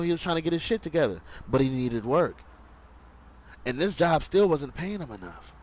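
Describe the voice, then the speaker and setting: A man's voice: fairly high pitch, rough recording. Slangy, rambling young man telling stories. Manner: slangy, profane, rambling, acts out quotes. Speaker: live streamer. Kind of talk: casual storytelling.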